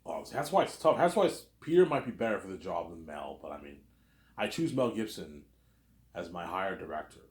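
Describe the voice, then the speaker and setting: Deep-voiced man rambling in a roomy space. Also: very animated, a little fast, a little mellow. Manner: rambling, repeats fillers and tags constantly. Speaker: host. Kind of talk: casual rambling commentary. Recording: roomy echo.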